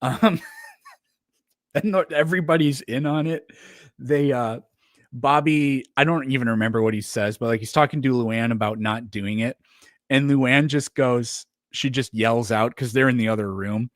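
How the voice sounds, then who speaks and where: A man's voice: mid-range voice, moderate pace, dry recording, studio quality. Rambling man chatting on a stream. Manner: rambling, with lots of fillers and self-corrections. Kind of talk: casual livestream chat.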